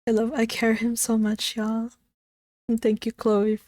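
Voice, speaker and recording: A woman's voice: on the high side, completely flat delivery, moderate pace, darkish tone, no echo. Giggly woman streamer, dry close sound. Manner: chatty, giggly, gushing, swears casually. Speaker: streamer answering chat. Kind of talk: casual stream chat. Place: her own room at home.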